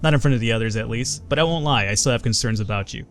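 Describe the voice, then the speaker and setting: A man's voice: medium pitch, quick pace, lightly acted. Man voicing a terse mercenary woman, plain read of game dialogue. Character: tough, blunt female mercenary. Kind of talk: reading game dialogue aloud.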